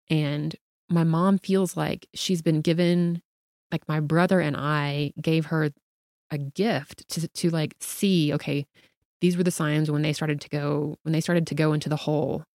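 Woman, middle-aged, low voice, dry close sound, chatty storyteller, podcast guest. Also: dry recording. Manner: animated, talkative, frequent "like" fillers. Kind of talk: casual personal storytelling.

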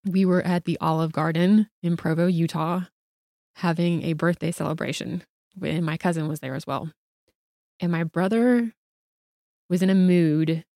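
A middle-aged woman, a podcast guest, telling a personal story in a lively, talkative way with lots of "like" fillers. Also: on the low side, normal speed, dry recording, studio quality. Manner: animated, talkative, frequent "like" fillers.

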